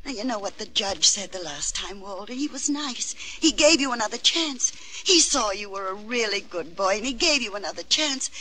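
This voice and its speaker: An actress playing a worn, protective mother who pleads softly and anxiously with her son. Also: mid-range voice, lively intonation, moderate pace. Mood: pleading.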